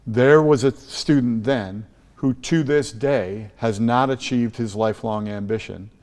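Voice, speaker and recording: A man from Chicago with an American accent talks as a podcast guest, driving his points home with emphatic stories. His speech is full of restarts and repeated words, at a middle pitch. The recording has a long, lingering reverb. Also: steady tone, unhurried, darkish tone. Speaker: guest, school trust leader. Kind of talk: podcast interview.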